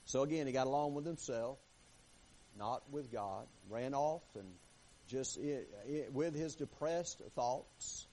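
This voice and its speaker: A man preaching a sermon who reads scripture aloud and swings between hushed, quiet passages and emphatic, rising ones. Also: medium pitch, measured pace, slight background noise, poor audio.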